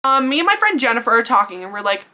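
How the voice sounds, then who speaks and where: A teenage girl tells a school story straight to her camera, her voice bright and clear. She talks in a chatty rush of filler words and slips into the voices of the people in her story. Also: on the high side, sing-song, very fast. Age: teens. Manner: chatty, full of "like" fillers, acts out quoted dialogue. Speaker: vlogger. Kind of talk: casual storytime. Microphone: camera mic.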